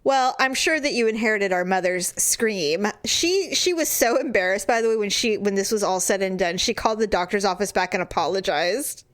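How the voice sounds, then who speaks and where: A woman co-hosting a podcast in casual chat, expressive, with quick reactions and frequent laughter. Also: mid-range voice. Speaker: podcast co-host.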